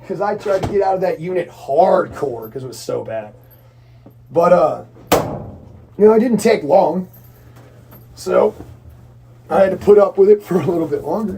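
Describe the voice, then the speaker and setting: A man's voice: high voice, gravelly, mellow, a little hiss or hum. A man who served in the army, telling a war story in a blunt, rambling monologue full of swearing. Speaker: army veteran vlogger.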